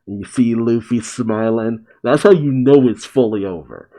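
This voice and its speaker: A man reading a comic chapter aloud and commenting on it as he goes. He acts out the characters and laughs often. His voice is mellow and dark. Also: medium pitch, moderate pace, hardly any pauses, low-quality recording. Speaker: manga reaction host.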